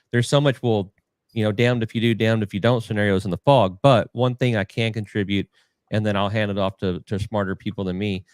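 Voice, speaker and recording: Man, fishing captain, low smooth voice, dry sound, rambling with restarts. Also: no room sound. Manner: rambling, self-deprecating, many restarts. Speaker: fishing captain, podcast guest. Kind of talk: casual remote podcast chat.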